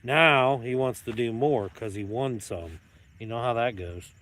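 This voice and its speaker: A man's voice: mid-range voice, a little slow, a bit bright. A man talking casually on his video channel, a playful, rambling showman joking to the camera outdoors. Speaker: YouTube vlogger. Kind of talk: casual joking vlog talk. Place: outdoors at dusk with dogs around.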